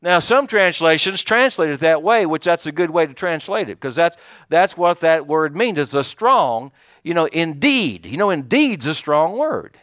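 Male pastor preaching, fairly high and very lively delivery, folksy with lots of fillers, dry close sound. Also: normal speed, dry recording. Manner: folksy, animated preaching with many fillers and restarts. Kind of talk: sermon.

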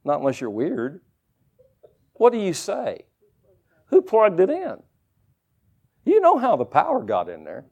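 Male preacher, high and very lively pitch, conversational sermon with homey examples. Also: normal speed, gravelly. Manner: animated, conversational, folksy asides. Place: church service with congregation.

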